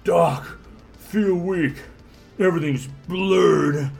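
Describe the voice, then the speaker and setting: A man voicing a stern, gruff male future lawman from a comic, speaking in clipped commands. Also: fairly high pitch, very slow, darkish tone, soft background music, full character voice.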